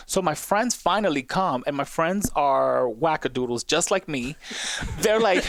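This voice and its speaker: A young adult man, a podcast guest, telling a story in an expressive, animated way, acting out the other people's lines and swearing freely. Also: on the high side, unhurried, creaky, no echo. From United States. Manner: expressive, acts out quotes with swearing. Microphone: podcast studio mic.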